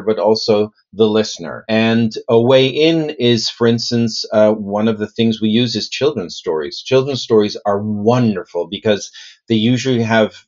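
A man who coaches people on voice and communication, answering in an interview in an animated, demonstrative way. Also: muffled recording. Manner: animated, demonstrative, plays with his own pitch and pace.

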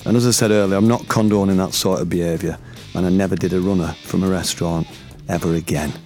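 A man's voice: low voice, steady tone, quick pace, a little mellow, soft background music. A middle-aged man from the north of England, telling a personal anecdote in colloquial, chatty language and laughing as he goes. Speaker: storyteller and former band member. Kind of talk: anecdotal storytelling.

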